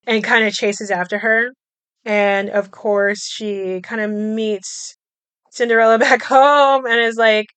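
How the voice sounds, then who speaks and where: A young woman hosting a podcast, recapping a movie in a chatty way, with frequent laughs, swearing and quick asides. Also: fairly high pitch, fairly bright tone, clean tone, dry recording. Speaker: podcast host.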